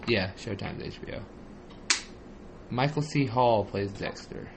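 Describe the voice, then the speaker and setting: A man's voice: on the low side, measured pace, noisy background. A man co-hosting a casual podcast, joking around and swearing casually with friends. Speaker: podcast co-host.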